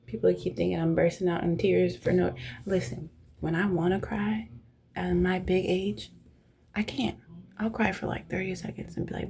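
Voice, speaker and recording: A woman's voice: fairly low pitch, animated, normal speed, gravelly, a little mellow. A young woman host telling personal stories in a casual, blunt, profane way, often dropping to a near whisper. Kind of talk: casual storytelling chat.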